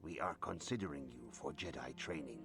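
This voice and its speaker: A man playing a calm older male Jedi council master in a game, measured and solemn. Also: a bass voice, creaky, exaggerated voice. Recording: game audio with music.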